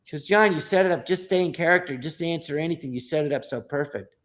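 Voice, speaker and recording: A man's voice: a little high, fast. An older man, a comedian, telling stories in a casual interview, acting out quotes in little voices and often restarting his sentences. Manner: animated, acts out quotes with voices, stammers and restarts. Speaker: guest comedian.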